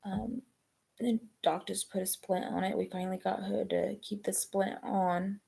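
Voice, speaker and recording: A woman, chatting casually on a live stream, rambling and halting with many ums and restarts. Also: mid-range voice, fairly even intonation, creaky, warm tone. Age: 20s.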